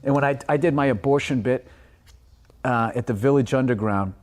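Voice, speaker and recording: A middle-aged man, a stand-up comedian, telling profane, animated stories in a casual podcast chat. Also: mid-range voice, moderate pace.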